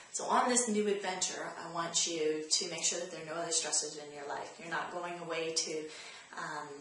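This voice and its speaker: A woman hosts a parenting tips vlog, coaching the viewer directly and repeating her key points. Her voice is lowish and a bit bright. The room is very echoey, with faint ambience and slight background noise.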